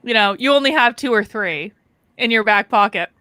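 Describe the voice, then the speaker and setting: A bright, lively woman co-hosts a casual live stream from home. Her voice is high and very animated, and it sits dry and close on her home computer mic. She talks quickly, with asides. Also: no echo. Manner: chatty, quick asides, laughs at tech trouble. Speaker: co-host of a live talk show.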